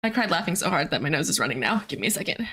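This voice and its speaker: Woman streamer, home setup, bright ringing tone, giggly rambling chatter. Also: low-pitched, very animated, racing, breathy edge. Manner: giggly, rambling with many fillers. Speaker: streamer and host. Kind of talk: casual live-stream chat.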